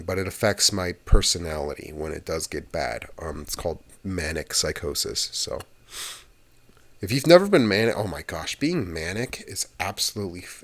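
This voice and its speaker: A man's voice: low-pitched, fairly bright tone. A young man hosting an ASMR channel, rambling through a casual chatty monologue with some swearing.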